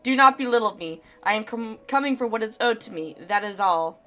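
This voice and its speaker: A woman's voice: a little high, animated, a little fast, pushed and bright. A woman reading aloud the lines of a haughty male Grim Reaper in a game, in stiff, formal diction. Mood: stern. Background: faint game music.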